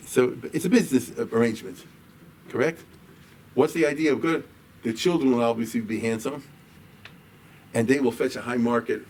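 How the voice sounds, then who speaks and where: A man's voice: mid-range voice, a little mellow. A man teaching as a rabbi, reading a text line by line, explaining each with casual asides and checks like "right?". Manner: conversational, reads a line then paraphrases with asides and "right?". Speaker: rabbi lecturer. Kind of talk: explaining a liturgical poem in a lecture. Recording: distant mic with faint background noise.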